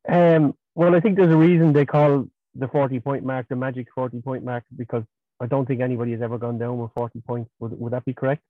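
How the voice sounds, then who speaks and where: A man joins a football podcast over a remote line, and his voice comes through thin and tinny like a phone call. He speaks at a middling pitch with no room echo. His talk is measured and agreeable. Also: steady tone. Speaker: podcast co-host. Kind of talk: casual football chat.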